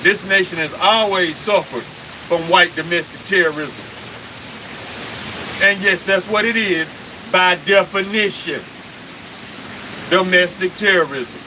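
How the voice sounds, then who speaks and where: A man's voice: high-pitched, unhurried, long pauses, background noise. A man preaching on a live stream, emphatic and confrontational, firing off rhetorical questions and cursing.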